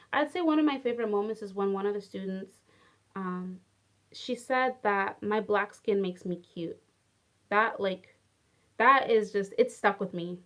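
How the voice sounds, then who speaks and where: A young adult woman, a former English teacher, casually telling personal stories with lots of "like" and plenty of feeling. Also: medium pitch. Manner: chatty, heavy use of "like", animated and affectionate. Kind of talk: casual storytelling vlog.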